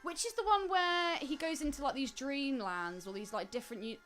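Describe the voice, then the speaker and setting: A woman's voice: sits high, a little fast, a bit bright, soft background music. A woman co-hosting a podcast, chatting in a teasing, argumentative way. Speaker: podcast co-host. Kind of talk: casual chat.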